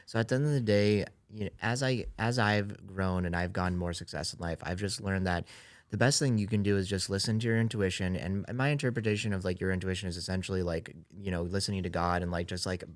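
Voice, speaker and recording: Quick, low-voiced male podcast host. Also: steady tone, no room sound. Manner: reflective, encouraging, many filler "like"s. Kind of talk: casual chat.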